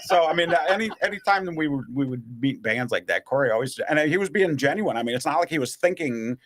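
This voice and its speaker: Chuckling guest man, lively voice. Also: fairly high pitch, quick pace. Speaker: guest, band member. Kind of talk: casual chat.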